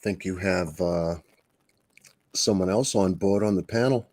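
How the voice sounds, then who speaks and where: A man's voice: sits low, a little slow, darkish tone, no echo, studio quality. A man co-hosting a livestream, speaking hesitantly with fillers.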